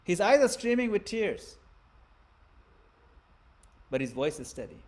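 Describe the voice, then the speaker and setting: A man giving a religious lesson, narrating a scene vividly with theatrical swings between loud and hushed delivery. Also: high-pitched, very animated, unhurried, pauses often. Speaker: religious teacher. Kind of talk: dramatic storytelling lecture.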